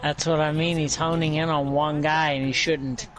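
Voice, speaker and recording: A man's voice: on the high side, level tone, moderate pace, poor audio. A man giving joking, wry color commentary on a video game football match.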